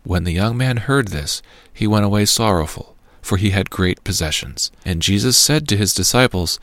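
A man reading scripture aloud in a measured, even way. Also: on the low side, no echo. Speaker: scripture reader.

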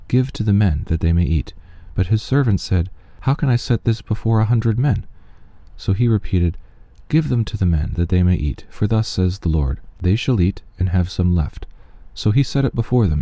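Man, scripture reading, deep voice, very dark mellow tone, measured and plain. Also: no echo. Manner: plain measured reading, quoted speech barely acted. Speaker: scripture reader.

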